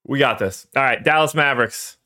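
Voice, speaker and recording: A man's voice: mid-range voice, a little fast, bright, forceful tone. A young man hosting a fantasy sports show, talking casually and rambling, his voice cracking as he gets choked up. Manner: rambling, self-deprecating, emotional about his team. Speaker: fantasy sports podcast host. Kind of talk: casual solo livestream talk.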